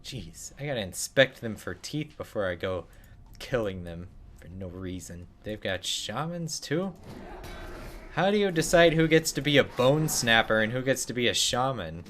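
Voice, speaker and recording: A man's voice: medium pitch, big pitch swings, normal speed, fairly bright tone, a little hiss or hum. A young man streaming a game, giving casual commentary full of sarcastic jokes and muttered asides.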